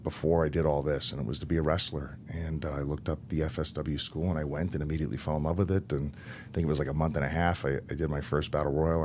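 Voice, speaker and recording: A man in his thirties, a wrestler and interview guest, telling stories in a relaxed, anecdotal way with laughs between lines. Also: a bass voice, slight background noise. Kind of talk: casual interview storytelling.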